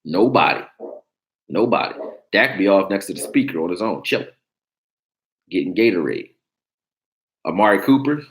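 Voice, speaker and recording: Deep-voiced blunt sports talk host. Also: male voice, lively intonation, moderate pace, pauses often. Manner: blunt, profane, joking, reacting to chat. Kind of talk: casual sports talk livestream.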